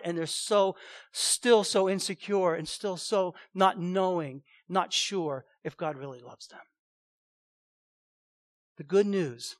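A pastor preaching a sermon in an animated, emphatic way, often repeating his phrases. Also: high-pitched, no echo.

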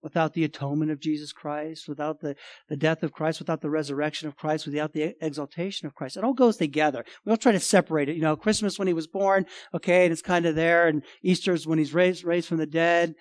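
A male pastor preaching a sermon, emphatic, swinging between loud and quiet and repeating phrases. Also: on the high side, fairly even intonation, fast, no echo.

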